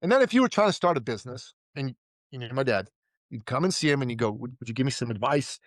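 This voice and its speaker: An entrepreneur from Iran, appearing as a podcast guest, tells stories in a relaxed interview. He talks fast with a mid-range, lively voice and no echo, acting out the people he quotes and often dropping "like" and "right?"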